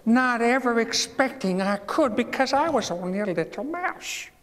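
A man voicing a small, timid male mouse in a squeaky, tearful voice, in an echoey hall. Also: lively intonation, normal speed, a bit bright. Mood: earnest. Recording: echoey hall with faint ambient noise.

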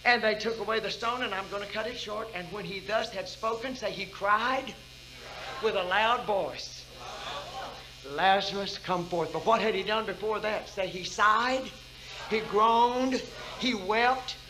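An older woman preaching at a church revival meeting. She calls out questions to the congregation and swings between loud exhortation and hushed intensity. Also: medium pitch, moderate pace, rough recording. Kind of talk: fervent preaching.

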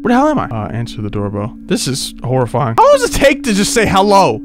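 A young gaming streamer provides let's play commentary on a horror game, slangy and excitable, yelping and shouting whenever something scares him. His voice sits a little high and he talks fast, with background noise and game music playing behind.

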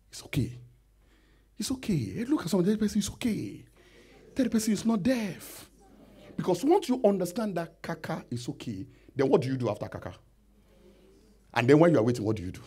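A man preaching a sermon as pastor, swinging between loud shouts and low near-whispers, acting out pleading prayers. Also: very animated, brisk, long pauses, husky. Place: church hall.

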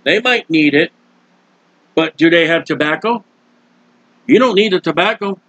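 Preacher guy, kinda high voice, scolding and folksy, dull dry lo-fi sound. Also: animated, a little slow, fairly bright tone, no echo. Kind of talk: sermon. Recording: dull, dry, low-fidelity recording.

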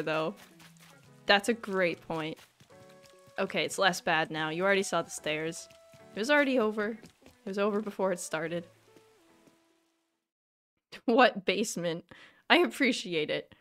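A woman streamer talks casually as she plays, answering her chat and reacting with quick, self-deprecating exclamations. Her voice sits in a middle pitch, and faint game music plays underneath. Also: lively intonation, fairly bright tone. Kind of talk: casual live-stream chat while gaming.

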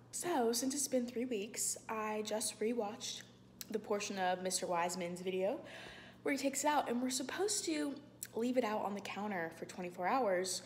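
A young woman in her twenties filming a casual vlog in her apartment, chatty and dramatic, often dropping to a whisper. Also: medium pitch. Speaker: vlogger. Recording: echoey room with background noise.

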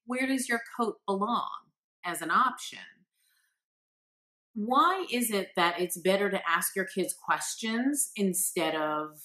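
Woman parenting coach, bright tone, earnest, encouraging, addresses parents directly. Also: mid-range voice. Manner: acts out the quotes she gives. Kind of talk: direct-to-camera advice talk.

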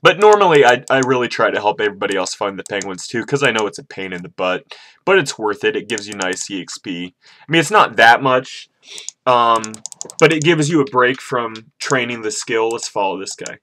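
A man with a bright, edgy voice records himself playing a computer game in his room at home. He swears freely, rants and yells at the game when it goes wrong, then drops into relaxed, rambling chat with his viewers. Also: medium pitch, brisk, a little hiss or hum. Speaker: gaming channel host. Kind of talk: casual gameplay commentary.

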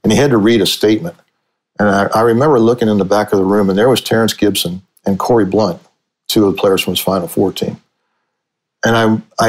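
Low-voiced older sportswriter telling stories. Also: male voice, low-quality recording. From Cincinnati, USA. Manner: rambling storyteller with frequent restarts. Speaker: sportswriter and author. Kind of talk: conversational storytelling interview.

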